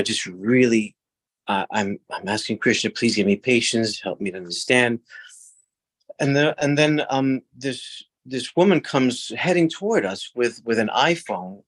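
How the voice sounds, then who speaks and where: A man sharing a personal story on a video call, hesitant with many pauses and restarts, acting out voices as he tells it. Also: lowish voice, no echo, low-quality recording. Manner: acts out voices in his story. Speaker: class participant.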